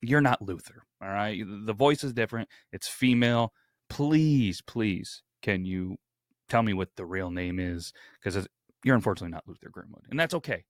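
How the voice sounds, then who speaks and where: A man hosting a podcast, talking in an excitable, rambling and self-aware way. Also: fairly low pitch, a little fast, dry recording, studio quality. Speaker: podcast host. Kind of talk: casual podcast chat.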